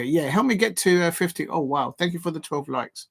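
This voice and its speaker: Brief: male stream host, raised pitch, animated and indignant, chatty fan commentary. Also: fairly quick, creaky. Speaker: football watch-along host. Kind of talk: live-stream chat reading viewer comments.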